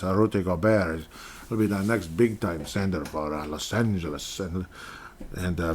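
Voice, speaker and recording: A man's voice: on the low side, moderate pace, a little mellow. A man hosting a casual solo sports podcast, rambling with frequent laughs and bursts of mock outrage. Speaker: podcast host.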